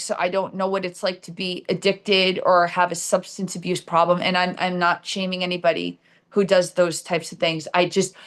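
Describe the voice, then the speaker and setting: A middle-aged woman with a New Jersey accent, candidly telling a personal story on her own live stream show, with many fillers and restarts. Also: on the low side. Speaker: show host.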